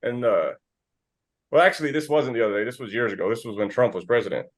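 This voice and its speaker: Animated, foul-mouthed American podcast guy. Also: mid-range voice, fast talker. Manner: animated storyteller, swears freely. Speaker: podcast co-host. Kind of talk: casual chat.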